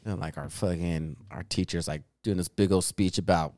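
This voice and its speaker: Low-voiced man telling animated stories. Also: normal speed, no room sound, studio quality. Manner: animated storytelling, heavy swearing and filler likes. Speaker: podcast co-host. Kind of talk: casual chat.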